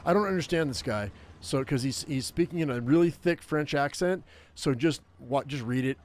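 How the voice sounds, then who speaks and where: A man's voice: on the high side, normal speed, a little mellow, slight background noise. Man rambling over gameplay. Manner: rambling, filler-heavy, thinking aloud. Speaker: gaming YouTuber. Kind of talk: gameplay commentary.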